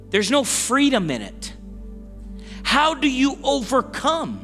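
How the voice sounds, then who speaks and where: A man's voice: very high voice, big pitch swings, slow, bright, forceful tone, in a large hall, faint music behind. A man preaching a sermon as pastor, talking in a conversational way that stops and restarts often, with asides to the congregation. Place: church sanctuary.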